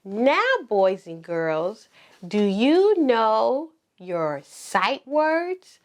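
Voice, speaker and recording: At circle time with toddlers, a woman who teaches preschool speaks slowly and encouragingly in a sing-song way. Slightly high-pitched and swinging widely in pitch, she repeats words for the kids to say back.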